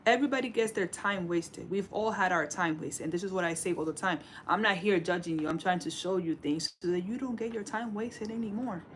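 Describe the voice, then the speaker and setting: A woman's voice: medium pitch, fairly quick, few pauses, slight background noise. A woman in her forties hosting a livestream, giving sassy, preachy relationship advice to her viewers in a casual chat. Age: 40s. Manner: sassy, preachy, calls everyone baby. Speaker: livestream host.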